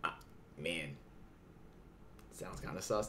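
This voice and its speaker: Animated young man playing a game. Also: mid-range voice, measured pace. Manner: playful, voices the characters, casual swearing. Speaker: let's play host. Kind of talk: game playthrough, reading dialogue aloud.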